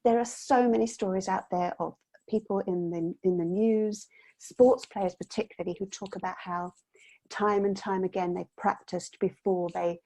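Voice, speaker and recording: A woman's voice: medium pitch, steady tone, moderate pace, warm tone. A woman guest explaining mindset strategies to parents in an earnest, explanatory way on a video call. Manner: earnest, explanatory, acts out children's voices. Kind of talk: casual interview chat.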